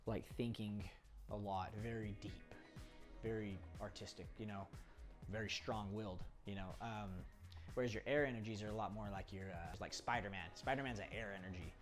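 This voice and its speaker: A man's voice: fairly low pitch, steady tone, normal speed, music in the background. A young man explaining personality types in a casual, rambling way, often laughing and restarting sentences. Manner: chatty, rambling, laughs often, acts out quoted people. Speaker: poker coach. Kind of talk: casual talking-head explainer.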